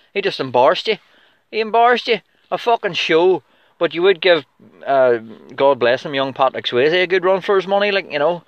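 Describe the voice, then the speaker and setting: Irish male vlogger, angry and profane, mid-pitched voice, lo-fi dry recording. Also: dry recording. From Ireland. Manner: angry, profane, trash-talking. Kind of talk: ranting monologue to camera.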